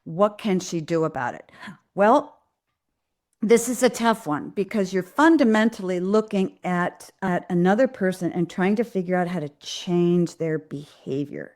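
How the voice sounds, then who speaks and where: A woman's voice: lowish voice, a little slow, darkish tone. A woman hosting a live Q&A, answering viewers' parenting questions in an earnest, direct way with frequent ums and restarts. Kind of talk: live Q&A advice talk.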